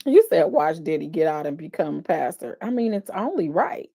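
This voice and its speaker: A woman with a low-pitched, slightly rough voice and vocal fry speaks at normal speed as she comments on a court case. She's a defense attorney and live stream host, openly emotional, expressive, and prone to frequent sighs between thoughts.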